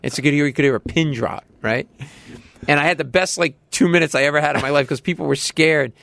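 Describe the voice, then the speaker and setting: On a dry recording, a comedian being interviewed on a casual podcast tells a story a little fast in a creaky voice. He acts out other people with sudden high-pitched shouts.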